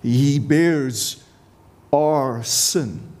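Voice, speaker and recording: Impassioned slow-preaching man in a hall. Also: mid-range voice, a little mellow. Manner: earnest, impassioned, repeats phrases for emphasis. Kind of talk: sermon. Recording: long reverb of a large hall.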